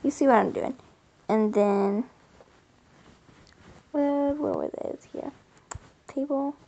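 A woman's voice: high voice, slow pace, vocal fry, dark tone, lo-fi sound. A woman giving casual, rambling commentary while playing a life-simulation game, talking to herself and to her viewers. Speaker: gameplay video host.

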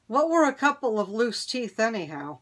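Lady reading a kids chapter book out loud, steady and unhurried. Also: a little high. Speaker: reader. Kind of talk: children's book read aloud.

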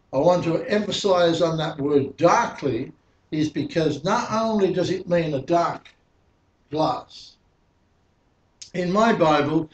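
A man's voice: a little high, a little mellow, lo-fi sound. A male preacher teaching a sermon verse by verse, putting questions to the congregation. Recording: echoey hall, mic at a distance.

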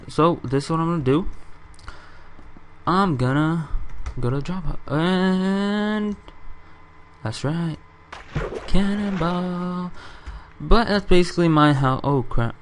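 A man's voice: fairly high pitch, smooth. Rambling young man showing off his game house. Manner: rambling and self-correcting, with casual swearing. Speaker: gaming channel host. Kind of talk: casual game walkthrough commentary.

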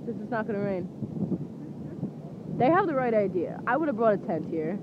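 High, animated young woman vlogging. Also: moderate pace, pauses often. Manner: animated, swearing, indignant protests. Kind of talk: casual daily vlog chat. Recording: dull lo-fi camera audio, faint hiss.

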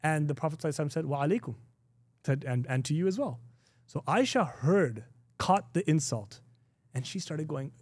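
Middle-aged male teacher, relaxed and conversational, slightly high and warm, dry close sound. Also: quick pace, husky, dry recording. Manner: conversational, laughs often, many restarts and "you know"; acts out quoted exchanges in a raised voice. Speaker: Islamic teacher. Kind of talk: informal recorded class.

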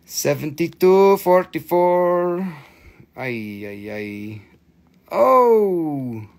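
A man hosting a live crystal sales stream from a phone, excitable, swearing freely and coaxing viewers to buy. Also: fairly high pitch, vocal fry.

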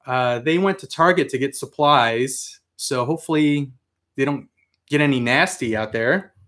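A man hosting a casual live stream, reading out viewer comments with excitable, mildly profane chatter. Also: medium pitch, normal speed. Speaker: host of a live toy and comics stream.

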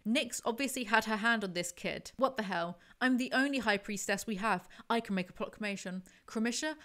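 A woman's voice: mid-range voice, a bit bright. Sarcastic woman reviewing a book. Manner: sarcastic, mocking asides. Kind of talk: sarcastic book commentary with read-aloud passages.

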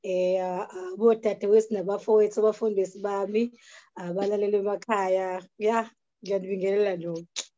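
A South African woman, a guest minister, giving measured, respectful greetings on a church broadcast. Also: medium pitch, steady tone, warm tone. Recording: dull lo-fi sound.

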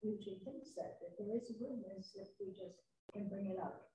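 A woman taking part in a church study group discussion, speaking in a thoughtful, halting way. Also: mid-range voice, mellow. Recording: echoey room with faint noise.

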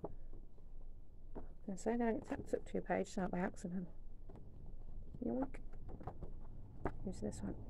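A woman's voice: mid-range voice, takes it slowly, gravelly, long pauses, warm tone, a little hiss or hum. A young woman chatting casually through an unboxing, swearing now and then and dropping into whispers. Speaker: vlogger.

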